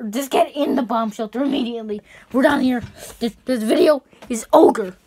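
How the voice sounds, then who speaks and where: A woman's voice: fairly high pitch, normal speed, background noise. A woman hosting her own online show, chatting casually in a rambling, profane way. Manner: rambling and profane, with frequent restarts. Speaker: show host. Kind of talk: casual rambling vlog chat.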